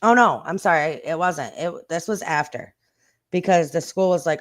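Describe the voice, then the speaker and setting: A woman hosting her own stream, chatting casually in a blunt, rambling way with plenty of swearing and quick bursts of speech. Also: on the low side. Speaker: streamer and channel host. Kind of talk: casual live-stream chat.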